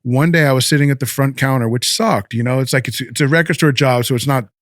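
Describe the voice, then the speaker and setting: A man in his fifties spins long, animated stories in a loose interview, cursing casually and tripping over his own restarts. His voice sits at an ordinary middle pitch, recorded close and dry with no room sound around it. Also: fast, no echo. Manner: rambling, animated storyteller with profanity and restarts. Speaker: podcast guest, rapper.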